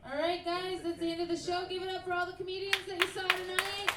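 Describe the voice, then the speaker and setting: A woman's voice: extremely high pitch, little pitch movement, fast. A woman host wrapping up a live comedy show with upbeat announcements. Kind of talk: closing announcements. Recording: echoey room, distant mic, loud noise.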